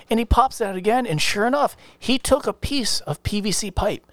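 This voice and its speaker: A man's voice: high voice, expressive, a little fast, a bit bright, dry recording. A man co-hosting a podcast, telling stories in a loose, profane way and laughing often. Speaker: podcast co-host. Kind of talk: casual chat, storytelling.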